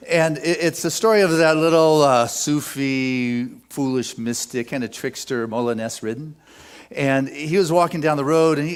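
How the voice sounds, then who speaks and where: A man preaching a sermon, telling a story with lively energy and laughter. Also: fairly high pitch. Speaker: pastor.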